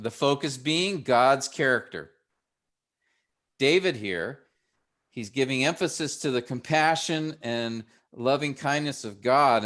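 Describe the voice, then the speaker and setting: A man at middle pitch teaches pastors in a relaxed classroom manner. He works through each point slowly, often restarting a phrase before he goes on. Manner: unhurried, explains step by step with restarts.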